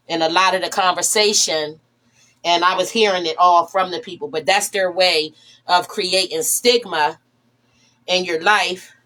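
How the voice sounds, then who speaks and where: Candid, exasperated woman vlogger. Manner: candid, animated, rising pitch when exasperated. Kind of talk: casual monologue to camera.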